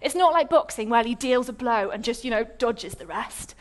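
Brief: high-pitched woman delivering a sermon with dramatic, storytelling flair. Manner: lively storytelling, dramatic pauses. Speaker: preacher.

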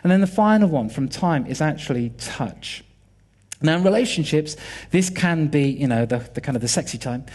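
A man's voice: fairly high pitch, expressive, normal speed, a little mellow. A British man in his forties giving a sermon, telling personal family stories and acting out quoted dialogue with animation.

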